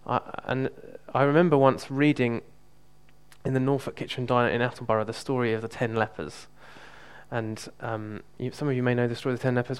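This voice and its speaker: A man preaching in a relaxed, conversational way, with frequent ums and small restarts as he tells a personal story. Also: medium pitch, clean tone. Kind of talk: conversational sermon with personal testimony.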